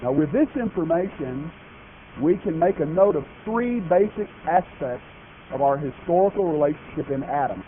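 A man preaching a sermon, speaking emphatically and asking his congregation questions. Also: on the high side. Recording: tinny phone-like broadcast audio with faint noise.

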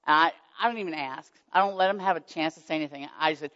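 A woman telling a personal faith testimony in an animated storytelling manner. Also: low voice, racing, hardly any pauses. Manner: animated storytelling, squealing excited quotes. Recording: dull muffled sound with long hall reverb.

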